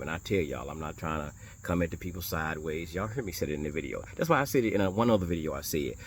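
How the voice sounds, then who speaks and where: A minister talking casually to viewers about his beliefs, animated and blunt, repeating phrases for emphasis and throwing in curses and rhetorical challenges. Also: deep voice, a little hiss or hum. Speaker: minister of a small congregation. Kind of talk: casual religious talk to viewers.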